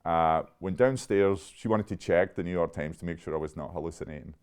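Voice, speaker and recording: Man in his 50s, deep voice, animated storyteller who laughs as he talks, interview setting. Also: a little fast, clean tone. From Scotland. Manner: animated, laughing often, restarts mid-sentence. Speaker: interviewee, chemist.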